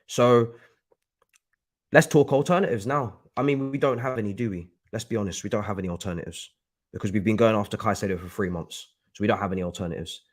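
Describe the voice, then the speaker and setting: A man's voice: lowish voice, fast. A man ranting angrily on a live stream about his football club, swearing and repeating himself. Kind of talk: heated live-stream rant.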